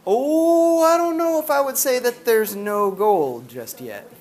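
A man's voice: very high-pitched, a little slow. Chatty man giving a university lecture. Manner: chatty, filler-heavy, animated storytelling. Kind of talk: casual classroom lecture. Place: university classroom with students.

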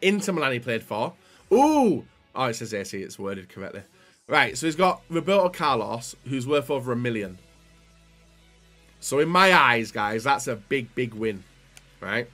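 A young man doing excitable pack-opening commentary, often yelping and shouting while talking straight to his viewers. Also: mid-range voice, normal speed, faint music behind. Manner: excitable, yelps and shouts at the screen; talks to viewers as "guys". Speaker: YouTuber.

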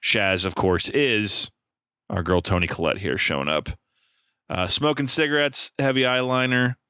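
A man's voice: lowish voice, moderate pace, sharp tone, clear, resonant tone, no room sound, clean studio sound. A man co-hosting a casual film podcast, chatting and reading out a plot summary. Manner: conversational, reads plot summary aloud. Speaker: podcast co-host.

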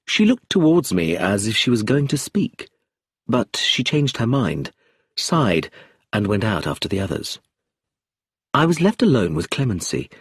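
A man's voice: mid-range voice, husky, dry recording, studio quality. A man narrating a mystery novel aloud, changing his voice for each character. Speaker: audiobook narrator. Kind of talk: storybook reading.

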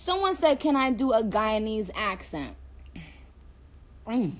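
Woman host, casual livestream chat into a phone, unhurried and very expressive. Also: fairly high pitch. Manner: playful, chatty, drops into Spanish phrases. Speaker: livestream host reading viewer comments.

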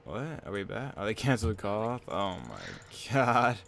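A young man commentating his own game, excitable and swearing, with bursts of loud disbelief, on a headset mic at his computer. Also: lowish voice, a little slow, gravelly. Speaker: gaming channel host. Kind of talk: Let's Play commentary.

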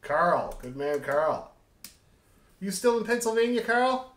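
A man's voice: high voice, sing-song, slow, a bit bright. A man leading an online music rehearsal, chatting casually and telling rambling, joking stories. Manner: rambling storyteller, friendly and joking. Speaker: orchestra leader. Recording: echoey room.

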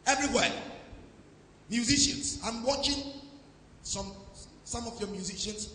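A man from Nigeria preaching a sermon as pastor, questioning his congregation and answering back, shifting between shouted declarations and quiet asides. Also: very high voice, measured pace, pauses often. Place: large church hall. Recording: echoey hall with some background noise.

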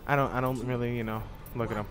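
A man giving loose, profane, casual commentary while playing a video game, with sudden loud outbursts. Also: mid-range voice, flat delivery, fast talker, music in the background. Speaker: gameplay commentator. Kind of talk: casual let's-play commentary.

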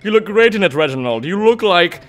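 A young man from the United States doing goofy, excitable commentary on a comedy game and yelling in mock frustration. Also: high voice, fairly quick. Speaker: gaming YouTuber. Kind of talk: comedic let's play commentary.

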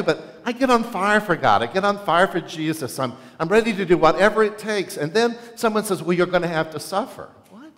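A male pastor preaching a sermon in a church, animated and often asking the congregation questions. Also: on the high side, in a large hall. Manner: animated, asks the congregation questions, acts out quotes. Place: church sanctuary.

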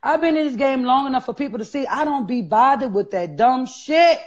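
A man, telling stories loudly and profanely in a casual chat. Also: very high-pitched, fairly quick. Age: 40s. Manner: loud, profane, animated storytelling. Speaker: guest. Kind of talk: casual live-stream chat. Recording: dull lo-fi sound.

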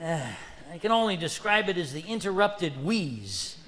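A man telling a comic story on stage in a one-man play, with a dry, deadpan manner. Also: high voice, moderate pace. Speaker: comedic storyteller.

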